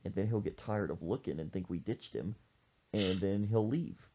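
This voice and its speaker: A man hosting a podcast, telling a story in an animated, jokey way. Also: lowish voice, moderate pace, lo-fi sound, slight background noise. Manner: animated, jokey, acts out quoted voices. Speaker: podcast host. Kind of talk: casual storytelling chat.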